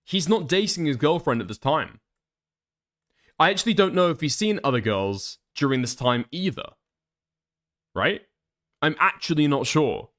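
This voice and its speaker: A man commenting live on stream as he reads through screenshots. He swears freely and thinks out loud, often second-guessing himself. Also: on the high side, sing-song, normal speed, pauses often.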